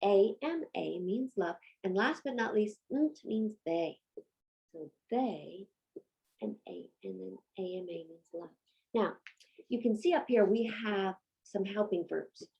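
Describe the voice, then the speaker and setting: A woman's voice: mid-range voice, a little slow, vocal fry, warm tone, highs cut off. A woman giving a patient homeschool Latin lesson, asking and answering her own questions. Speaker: Latin teacher.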